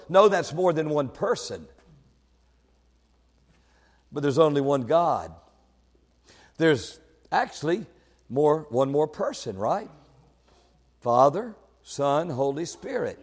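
A male preacher delivering a sermon, swinging between quiet, conversational asides and loud, shouted proclamations. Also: fairly high pitch, big pitch swings, slow pace, pauses often, long reverb tail.

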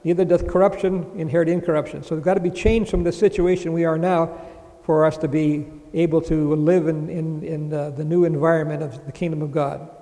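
A man's voice: on the high side, little pitch movement, fairly quick, hardly any pauses, dark tone, big-room sound. A man teaching a sermon, reading scripture aloud and explaining it verse by verse. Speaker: Bible teacher.

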